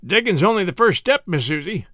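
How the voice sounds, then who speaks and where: A man's voice: sits high, big pitch swings, a little fast, pushed and bright, no echo, studio quality, full character voice. A man voicing a wry old country cobbler who talks in a drawling rustic dialect and teases dryly. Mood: teasing.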